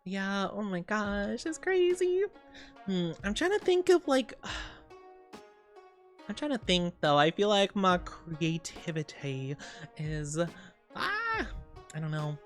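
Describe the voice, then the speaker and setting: A streamer woman with a voice at a middle pitch, gushing and bubbly as she greets her chat and wishes everyone well over and over. She peppers her talk with cutesy slang, and soft music sits faintly behind her. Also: sing-song, slow pace, pauses often. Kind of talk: casual livestream chat.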